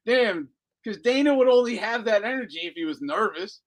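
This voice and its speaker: A man's voice: high voice, lively intonation, moderate pace. A man hosting a casual live commentary stream, profane and mocking, laughing often. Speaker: host.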